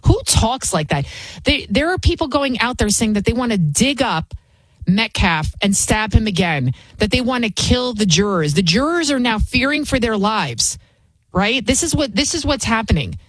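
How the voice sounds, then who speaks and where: A woman's voice: fairly high pitch, very animated, moderate pace, dry recording, low-quality recording. A woman hosts a political opinion show, sounding heated and openly scornful. The recording is dry and close, with no room sound around her voice. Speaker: political commentary host. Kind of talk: opinion commentary.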